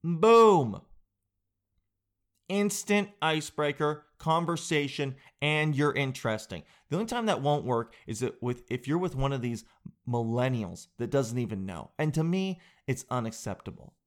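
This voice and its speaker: A man comedian telling a comic monologue in an animated, profane storytelling way. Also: mid-range voice, normal speed. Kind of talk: stand-up style comic monologue.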